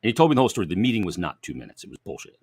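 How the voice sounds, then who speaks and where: A man's voice: sits low, huge pitch swings, rapid-fire, a little mellow, husky, dry recording, studio quality. A man co-hosting a sports talk show, chatty and teasing, often laughing as he talks. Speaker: co-host.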